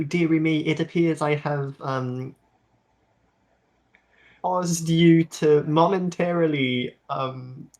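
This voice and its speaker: A man's voice: a little high, close to an everyday voice. A man doing a dainty over-polite fighter. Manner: dainty, mock-courteous. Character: overly polite, apologetic male fighter.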